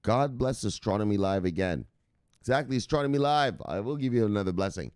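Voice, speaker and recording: A man's voice: lowish voice, expressive, brisk, darkish tone, clear, resonant tone, dry recording, clean studio sound. A man hosting a crypto news livestream in a loose, rambling way, swearing freely and barking out catchphrase sign-offs. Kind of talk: casual livestream chat.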